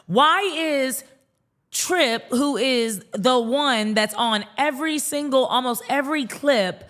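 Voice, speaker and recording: A young adult woman podcaster telling a heated callout story to camera, rapid and indignant, acting out what others said. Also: high-pitched, a bit bright. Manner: indignant, rapid storytelling, acts out quoted dialogue.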